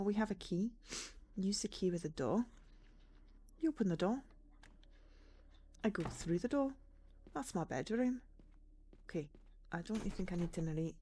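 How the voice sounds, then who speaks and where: Chatty woman streaming a game. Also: mid-range voice. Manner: chatty, reads game text aloud, joking asides. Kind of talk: casual let's-play commentary.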